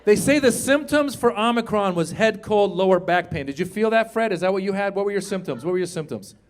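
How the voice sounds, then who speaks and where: A man in his fifties performing stand-up comedy, chatting with the crowd and shouting his punchlines. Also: high voice, a little fast. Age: 50s. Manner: animated, shouts punchlines, acts out voices.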